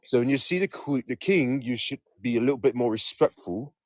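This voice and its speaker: A man's voice: medium pitch, a little fast, dry recording, natural voice. A man doing a pompous British king who claims to own the Caribbean, speaking in a stiff, formal, mock-regal way. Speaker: podcast co-host.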